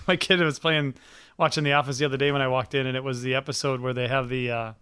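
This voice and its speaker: Bright-voiced laughing podcast guy. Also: medium pitch, fairly even intonation, quick pace, clear, resonant tone, no room sound. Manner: laughs often, retells TV scenes with quoted voices; swears casually. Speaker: podcast co-host. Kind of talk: casual chat.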